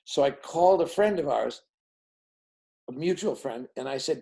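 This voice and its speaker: A film director being interviewed, telling behind-the-scenes stories and acting out the dialogue of the people in them. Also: male voice, medium pitch, moderate pace, low-quality recording. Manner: animated, acts out dialogue in quoted voices. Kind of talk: anecdotal storytelling in an interview.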